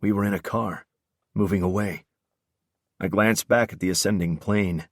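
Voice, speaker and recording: A man with a very deep, low voice reads a first-person audiobook in an intense, brooding way. He is close to the mic, and the sound is dry with no room echo. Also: moderate pace. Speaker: audiobook narrator.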